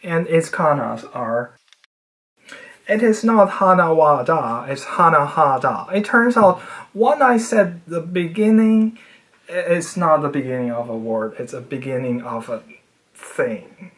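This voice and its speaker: In a casual, self-made video lesson about language, a mid-pitched speaker explains in a playful, nerdy way. The voice leaps high on emphasized points and drops off quietly at phrase endings, and the delivery is expressive and slow, with frequent pauses.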